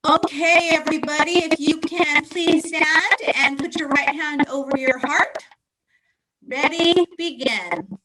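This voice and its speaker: A woman's voice: sits high, measured pace, bright, forceful tone, a little hiss or hum. A woman teacher with a robotic-sounding voice effect, cheerful and going along with the joke. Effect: robotic voice filter.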